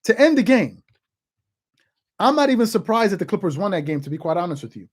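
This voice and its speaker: A woman's voice: lowish voice, sing-song, racing, husky. A woman hosting a sports opinion show, arguing her points emphatically and repeating phrases for stress.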